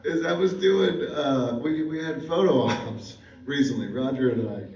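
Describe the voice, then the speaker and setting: A man's voice: mid-range voice, normal speed, a little mellow. A man who is a voice actor on a convention panel, talking casually, rambling and laughing easily at himself. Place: large convention hall. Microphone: handheld mic through speakers, recorded from the audience. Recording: echoey hall from far off.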